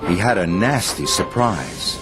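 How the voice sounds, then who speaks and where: A man narrating a children's storybook in an expressive, sing-song way. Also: low voice, a little slow, loud music behind the voice. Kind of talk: storybook reading.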